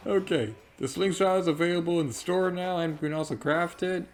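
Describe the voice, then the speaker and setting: A woman's voice: fairly low pitch, steady tone, a little fast, hardly any pauses, soft background music. A woman hosting a let's play, chatting casually and rambling off on tangents with giggly, self-deprecating asides. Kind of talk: casual gameplay commentary.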